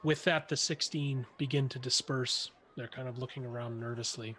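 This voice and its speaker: Halting male game master narrating. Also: mid-range voice, steady tone, a bit bright, slightly rough. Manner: halting, many restarts and fillers. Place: home streaming setup.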